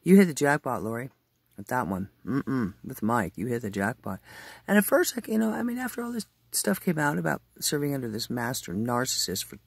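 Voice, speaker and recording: A man rambling through an emotional monologue in a vlog, talking aloud to his late father, with his loudness swinging widely from line to line. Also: mid-range voice, big pitch swings, fairly quick, creaky, breathy edge, no echo.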